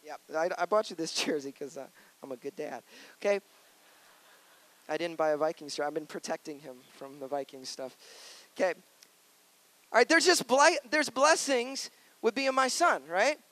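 High-voiced playful pastor man. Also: sing-song, normal speed, sharp tone. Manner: playful, conversational, earnest. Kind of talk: sermon.

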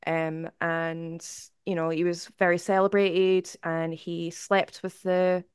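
Scottish woman guest, casual and self-mocking, smooth crisp tone, dry sound. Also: lowish voice, little pitch movement, slow pace, no room sound. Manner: self-deprecating, laughs often. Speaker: podcast guest, YouTube album reviewer. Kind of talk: casual chat.

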